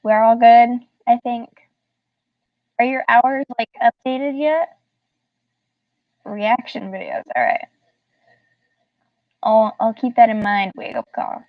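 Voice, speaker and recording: A woman's voice: fairly high pitch, slow pace, pauses often, no echo. A woman from the American South chatting casually with her live-stream viewers, giggling often and talking straight to the chat. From Southern United States. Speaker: livestreamer. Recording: distant dull dry mic.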